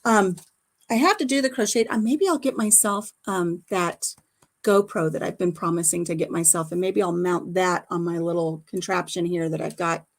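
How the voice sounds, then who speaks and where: A middle-aged woman hosts a casual livestream from home on her phone, chatting and often laughing as she retells conversations. Her voice is fairly low and she talks at normal speed.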